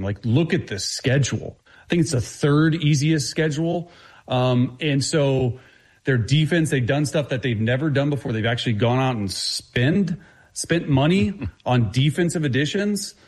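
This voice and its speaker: A man's voice: mid-range voice, darkish tone. Confident male football analyst. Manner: fast, confident breakdown with restarts. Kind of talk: casual sports talk.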